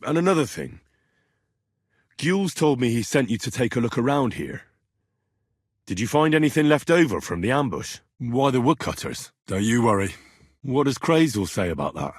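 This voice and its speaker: A man voicing a young medieval commoner hero, blunt and quick to swear when angered, with a husky voice. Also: mid-range voice, big pitch swings, no room sound, studio quality. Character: young male medieval blacksmith's son, blunt and hot-tempered. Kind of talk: video game voice lines.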